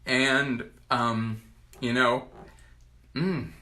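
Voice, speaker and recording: Earnest man in his forties, sharp voice. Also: fairly high pitch. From Virginia, US. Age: 40s. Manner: earnest, halting, with restarts. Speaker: doctor giving a product testimonial. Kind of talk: personal testimonial to camera.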